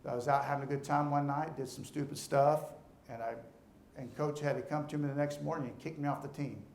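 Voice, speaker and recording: A middle-aged man with a gravelly, slightly raised voice speaks earnestly to a room full of listeners, often stumbling over the first words of a sentence. The room echoes around him, and a faint rumble sits underneath. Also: steady tone, fairly quick, a little mellow. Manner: earnest, repeats words when starting sentences. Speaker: alumnus speaker. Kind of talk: motivational speech to an audience. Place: room with an audience.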